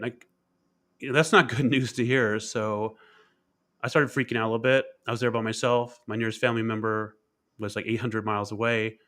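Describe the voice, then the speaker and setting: Bright-voiced man telling a personal story. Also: medium pitch, level tone, brisk. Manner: candid and reflective, frequent repeated words and fillers. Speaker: keynote speaker and author being interviewed.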